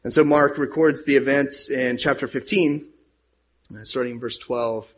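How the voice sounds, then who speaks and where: A man's voice: mid-range voice, fairly even intonation, moderate pace. A man preaching a sermon and reading scripture aloud in an earnest manner, his volume rising and falling. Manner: earnest, rises and falls in volume. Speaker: pastor. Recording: dull lo-fi sound.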